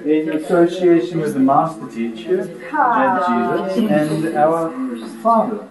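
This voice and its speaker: A spiritual teacher, echoey and distant. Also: male voice, fairly high pitch, expressive, over a noisy crowd. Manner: rhetorical, questioning, quick laughs. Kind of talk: sermon to a gathered audience. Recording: echoey room from a distance, audience.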